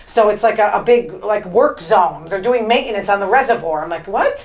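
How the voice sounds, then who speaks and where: Medium-pitched, brisk, and a bit dark in tone, a woman hosting her own podcast chats casually about her week in meandering, filler-heavy stories. The audio quality is poor.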